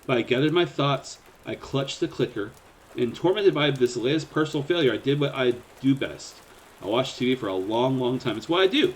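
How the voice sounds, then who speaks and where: A man's voice: medium pitch, moderate pace, slight background noise. A man co-hosting a poker live stream in casual banter, joking and self-mocking and laughing often.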